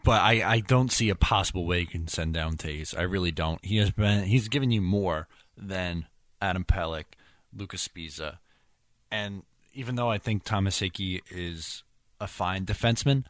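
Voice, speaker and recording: A man with a notably deep, low voice co-hosts a casual sports podcast. He is relaxed and teasing and keeps steering the talk to the next topic. The sound is dry and close, with no room around it. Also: moderate pace, dry recording. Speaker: podcast co-host.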